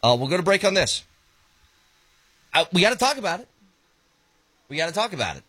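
A man's voice: sits high, sing-song, brisk, bright, forceful tone, slightly rough, no room sound. A man hosting a casual sports talk show, joking with co-hosts and reading sponsor lines. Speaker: radio show host.

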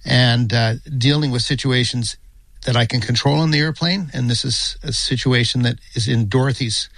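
A man in his sixties, a retired airline captain, interviewed for the news and speaking in a measured, hesitant way. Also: medium pitch, steady tone, fairly bright tone, no echo, rough recording.

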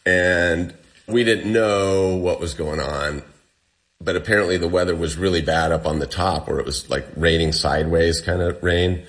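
Deep-voiced man telling a story. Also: moderate pace. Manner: lively storytelling, acts out dialogue with lots of "like". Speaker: interview guest. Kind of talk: casual storytelling.

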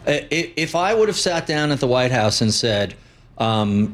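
A man's voice: mid-range voice, animated, normal speed. Blunt man talking markets. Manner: blunt, opinionated. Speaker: guest market commentator. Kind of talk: unscripted interview talk.

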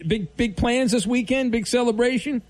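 A man's voice: extremely high pitch, moderate pace. A man hosting a late-night call-in radio show, reading listener messages aloud and bantering easily with callers. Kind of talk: casual call-in radio talk.

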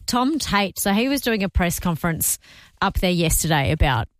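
A woman's voice: on the low side, big pitch swings, moderate pace, no room sound. A woman co-hosting a breakfast radio show, telling news stories and reading out listener votes. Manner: storytelling, reads listener votes and texts. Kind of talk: casual on-air banter. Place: radio studio. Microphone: studio microphone.

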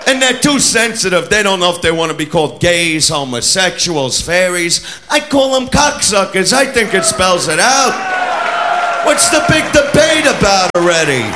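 A man with a high, lively voice rants crudely through a stand-up set. He often shouts and swings his pitch all over. A live crowd and steady noise sit under him. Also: normal speed. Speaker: stand-up comedian.

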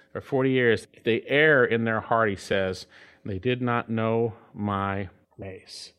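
A man preaching a sermon as a pastor, earnest, slowing down to read scripture and rising for emphasis. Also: mid-range voice, fairly bright tone.

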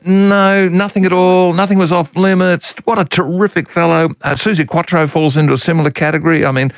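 A man hosting a radio show from a studio. He talks in a chatty, halting way, full of fillers and repeats. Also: high voice, fairly even intonation, no echo. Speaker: radio host. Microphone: studio microphone.

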